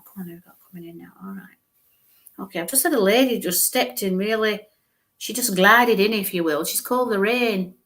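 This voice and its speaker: A woman's voice: medium pitch, fairly bright tone. A woman giving a live psychic reading on a stream, talking in a chatty, descriptive way and often checking in with "okay?".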